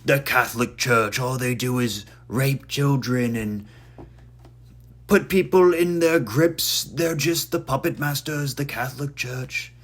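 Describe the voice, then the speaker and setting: A man putting on a shrill ranting conspiracy guy. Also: a little slow, fairly bright tone. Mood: indignant. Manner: mocking, overblown outrage.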